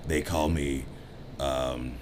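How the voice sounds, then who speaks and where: A man co-hosting a dating advice chat, joking and talking without a filter, swinging between loud bursts and muttered asides. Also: rumbling low, fairly even intonation, very slow, background noise. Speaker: co-host giving dating advice. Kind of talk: casual uncensored chat.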